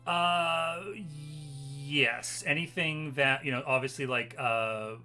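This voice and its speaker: A man's voice: a little high, steady tone, takes it slowly, pushed and bright, faint music behind. A man narrating as game master of a tabletop game, hesitant and full of fillers. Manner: hesitant, full of ums and uhs.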